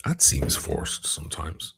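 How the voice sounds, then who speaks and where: A man hosting a casual live stream, talking in a very low, gravelly voice and reading out viewer comments as he chats. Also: measured pace, a bit bright, a little hiss or hum. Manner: chatty, reads viewer comments aloud.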